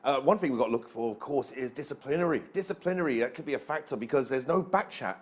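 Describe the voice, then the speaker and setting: A man hosting a sports panel discussion, lively and quick as he puts questions to guests. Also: medium pitch. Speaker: host.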